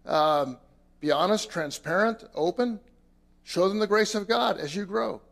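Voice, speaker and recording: A pastor delivering a sermon to his congregation in a fairly high voice. He talks earnestly and conversationally, stressing key lines loudly. He drops to quiet, softer asides. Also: unhurried, creaky. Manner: earnest, conversational preaching with sudden loud emphases and quiet asides.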